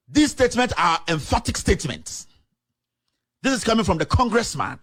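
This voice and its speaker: Man, Ghanaian accent, high-pitched, lively intonation, emphatic commentary. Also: normal speed, no room sound. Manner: emphatic, reads statements aloud, slips into local language. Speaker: journalist presenting documents. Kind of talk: animated commentary to camera.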